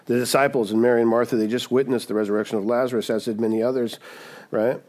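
A man's voice: mid-range voice, fairly even intonation, fast, a little mellow. A man preaching a sermon in a conversational, emphatic way, often checking in with the listeners. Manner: conversational, emphatic, with frequent "right?" asides. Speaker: pastor.

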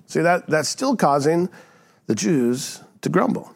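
A man's voice: a little high, sing-song, measured pace, creaky. A male pastor giving a sermon in a conversational teaching style, often checking in with the congregation with a rhetorical "right?".

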